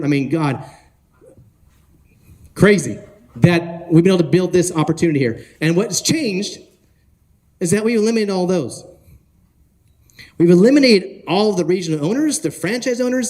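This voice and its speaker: A man giving an energetic talk at a conference, often asking the audience questions and joking with them. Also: sits high. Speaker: conference speaker. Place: conference hall.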